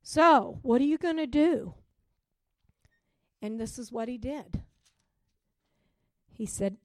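A woman preaching a sermon with passion, swinging from loud rising calls to hushed, quiet drops. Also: on the high side, lively intonation, slow, pauses often, no echo. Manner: impassioned, with sudden loud rises and hushed drops.

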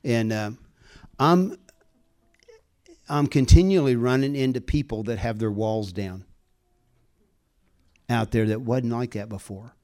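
A man's voice: medium pitch, measured pace, pauses often, darkish tone. A man preaching a conversational sermon, telling personal stories earnestly and building to fervent exhortation. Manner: earnest, folksy storytelling, rising to fervent exhortation.

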